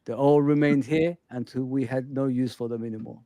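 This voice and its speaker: A man who is a guest in a casual football fan chat. He is animated, repeats himself and often addresses the host by name. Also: medium pitch, fairly quick, no echo.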